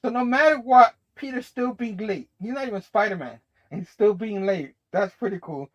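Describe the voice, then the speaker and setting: A man's voice: sits high, moderate pace, rough recording. A man hosting a casual comic book review, enthusiastic and laughing often.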